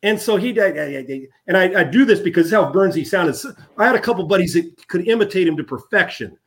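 A man in his fifties with a slightly raised voice tells old team stories as an interview guest. He is animated, tripping over and repeating words as the anecdotes pour out, in an easy, casual way. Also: high-pitched, quick pace. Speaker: guest, former football player. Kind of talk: casual storytelling.

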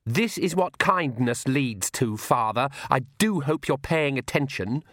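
A man's voice: medium pitch, animated, unhurried, fairly bright tone, no room sound, studio quality, voice pushed up. A man voicing a sneering, haughty young female vampire in a snide, scornful tone.

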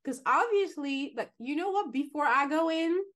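A woman co-hosting a casual podcast, ranting in an animated, dramatic way about advice posts. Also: high voice, moderate pace. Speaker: podcast co-host.

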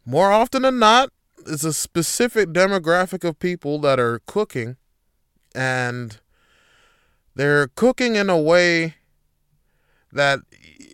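A young man hosting a solo podcast, ranting in a casual, profane, animated way. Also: fairly high pitch, smooth, no echo, clean studio sound. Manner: frequent fillers and restarts. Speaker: podcast host. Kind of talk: casual chat.

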